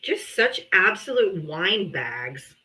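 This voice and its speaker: A woman's voice: lowish voice, very animated, takes it slowly, pushed and bright, poor audio. A woman hosting a live streamed political debate, brash and profane, mocking her guests with laughter. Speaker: livestream host.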